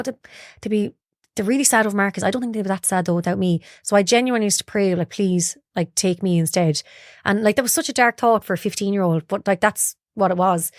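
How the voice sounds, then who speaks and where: A woman's voice: medium pitch, dry recording, studio quality. A young woman speaking openly as an interview guest, telling her story and acting out what people said to her. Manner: open, confiding storyteller, acts out her own quotes. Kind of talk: candid personal interview. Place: podcast studio.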